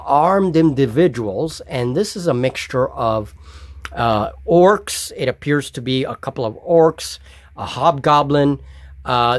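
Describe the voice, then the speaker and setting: A man calmly narrating a solo tabletop game at his hobby table, laying out each piece and figure one at a time. He talks slowly and in a steady middle pitch. The sound is dry and close. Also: no echo. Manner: slow, deliberate scene describing. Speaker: game master.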